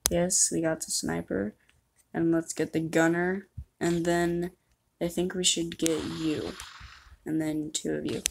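A woman's voice: on the low side, level tone, measured pace, creaky, a little hiss or hum. A woman chatting and rambling as she plays a game, giving commentary and poking fun at herself. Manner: chatty, rambling, self-mocking. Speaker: gamer. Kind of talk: gameplay commentary.

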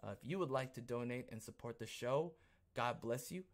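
A man hosting his own podcast, talking in a casual, rambling rant that swings between quiet asides and loud, emphatic bursts. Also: medium pitch, moderate pace. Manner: repeats himself, rambling restarts. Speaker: podcast host. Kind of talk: casual ranting commentary.

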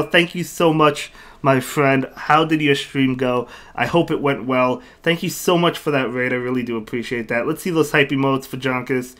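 Man, game streamer, chatty, talks to chat, repeats phrases, mid-pitched voice. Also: moderate pace, a bit bright. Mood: excited. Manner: chatty, reads chat aloud, thanks viewers, repeats himself. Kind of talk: live-stream commentary while playing.

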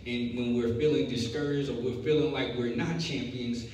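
A young man preaching a sermon, telling a lively story before building to emphatic preaching. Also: medium pitch, normal speed. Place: church sanctuary. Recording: echoey hall, distant mic, faint noise.

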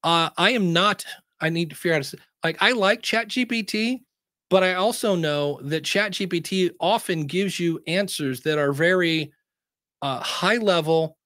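A man with a slightly high voice talks through podcast growth tips in a relaxed webinar. He keeps it chatty and jumps up in pitch when he acts out what people say. The sound is dry and close, with no room around it. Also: unhurried, no echo. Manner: conversational, acts out quotes in a higher voice. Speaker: podcast educator presenting a webinar. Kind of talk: casual webinar talk.

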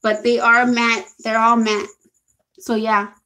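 A young woman with a slightly high voice hosts a casual live stream. She chats excitably, reading viewers' comments aloud and answering them as she goes. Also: takes it slowly. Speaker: livestream host.

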